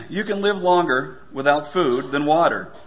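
A man giving a conversational sermon, often pausing with fillers and stumbling for words. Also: on the high side, lively intonation, a bit bright. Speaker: preacher.

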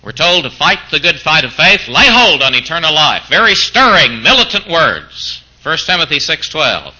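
Bright, animated male preacher. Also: fairly high pitch, normal speed, rough recording. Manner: mock-incredulous rhetorical questioning, acting out a doubter. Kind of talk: sermon.

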